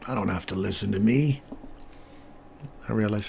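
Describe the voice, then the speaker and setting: An older man talks casually through a live trading session, chatting with viewers between remarks on the charts. His voice sits low, and a faint background noise runs under the recording. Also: normal speed, vocal fry, long pauses. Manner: chatty, laughs often, animated when storytelling. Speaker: trading stream host. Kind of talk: casual live-stream commentary.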